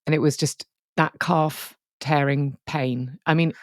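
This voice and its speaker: A woman's voice: low voice, fairly even intonation, measured pace, no echo, studio quality. A woman co-hosting a podcast, telling a candid, sweary, emotional story in casual chat. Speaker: podcast co-host.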